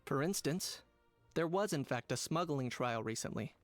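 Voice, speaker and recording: An actor playing a composed adult male hunter in a game, measured, polite and understated. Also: medium pitch, animated, no echo, soft background music, close to an everyday voice. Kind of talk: game voice acting.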